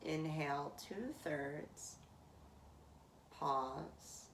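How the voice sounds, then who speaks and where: Low, gravelly-voiced woman guiding meditation. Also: a little hiss or hum. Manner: slow, calm, drawn-out phrases with long pauses. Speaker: meditation teacher. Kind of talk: guided breathing meditation. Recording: roomy echo from a distant mic.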